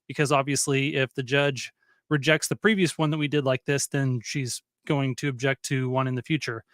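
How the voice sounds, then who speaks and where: A man's voice: medium pitch, level tone, moderate pace, fairly bright tone, dry recording, clean studio sound. A man speaking as a guest on a live stream, confident and blunt in his opinions. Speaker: guest commentator. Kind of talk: casual live stream chat.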